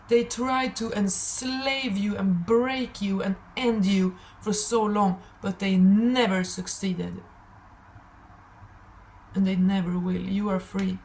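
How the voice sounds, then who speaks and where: A woman with a hoarse, tired throat giving a rambling, emphatic tarot reading to camera, repeating affirmations. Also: medium pitch, a little hiss or hum, poor audio. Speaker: tarot reader.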